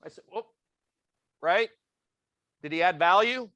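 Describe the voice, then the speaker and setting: An intense, passionate man runs a training session, quizzing his class and slipping into quick voices for customers he quotes. His voice sits high and sounds bright and cutting, with a close, dry sound. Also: animated, no room sound, highs cut off. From Italian family background. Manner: intense, passionate, asks the room questions. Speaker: real estate trainer.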